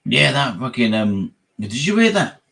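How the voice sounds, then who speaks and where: Slow, jokey man. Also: mid-range voice, very animated, vocal fry, pushed and bright. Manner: loose and jokey, swears freely. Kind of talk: casual chat over drinks.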